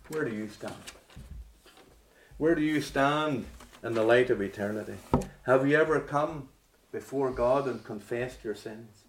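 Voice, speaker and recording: A man preaching a sermon with dramatic swings from loud rhetorical questions to hushed near-whispers. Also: medium pitch, far from the mic. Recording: echoey room.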